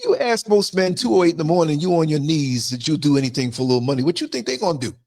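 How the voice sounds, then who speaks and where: A man's voice: fairly high pitch, animated, rapid-fire, darkish tone. An older man from the United States, hosting a livestream and telling a story in a blunt, emphatic way. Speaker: podcaster host.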